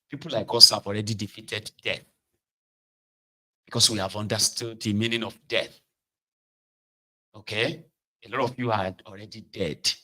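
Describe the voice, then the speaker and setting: A man's voice: on the low side, sharp tone, low-quality recording. A middle-aged Nigerian man hosting a political commentary show from his own studio, lecturing his listeners in a defiant, impassioned monologue.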